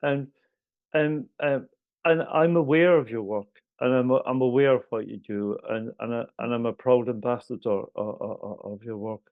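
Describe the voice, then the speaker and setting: A man's voice: mid-range voice, steady tone, moderate pace, no echo. Man hosting a chat, keeps repeating words as he asks stuff, tinny phone-line sound, dry. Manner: stammering, repeats words while framing questions. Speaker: podcast host. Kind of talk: interview conversation.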